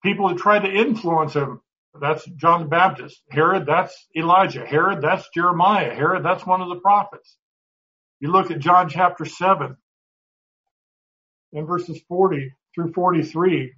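A man's voice: a little high, unhurried, sharp tone. A man teaching a Bible class in a conversational way, often restarting words and putting questions to the class. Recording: dull lo-fi recording.

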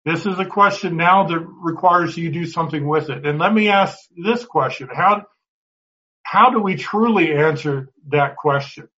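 Leading a Bible class conversationally, this man asks the class questions and frequently restarts his words. His fairly high voice sounds bright and forceful at a moderate pace, though the recording itself is dull and lo-fi.

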